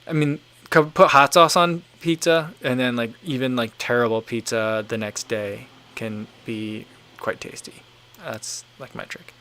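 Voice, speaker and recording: A man's voice: mid-range voice, fairly bright tone. A man in his thirties hosting a casual livestream, reading viewer comments aloud and musing in a loose, rambling way full of "like" and "um". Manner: rambling and easygoing, leans on "like" and "um". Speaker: livestream host.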